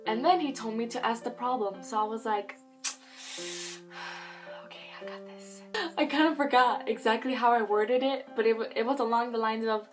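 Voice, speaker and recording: Young woman vlogger, slightly high voice, excitable and giggly storyteller, faint music underneath. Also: quick pace, few pauses. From Chicago area. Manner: excitable, giggly, acts out quotes. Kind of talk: casual storytelling vlog.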